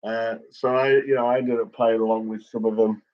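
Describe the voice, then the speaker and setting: A man's voice: medium pitch, little pitch movement, brisk, muffled recording. A man in casual, rambling chat with his viewers, swearing often and filling gaps with "like" and "um". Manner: rambling and sweary, with frequent fillers. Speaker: livestreamer chatting with viewers.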